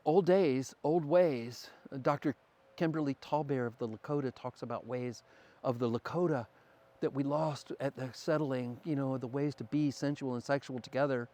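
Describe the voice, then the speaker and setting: A middle-aged man talking fast in an animated, profane conversation as a podcast guest. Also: mid-range voice. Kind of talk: casual conversation.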